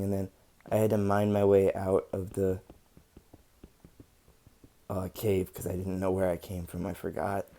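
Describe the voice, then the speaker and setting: Low flat-voiced young man narrating gameplay. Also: a little hiss or hum. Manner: relaxed and rambling, with many ums. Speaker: gaming channel host. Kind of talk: casual gameplay commentary.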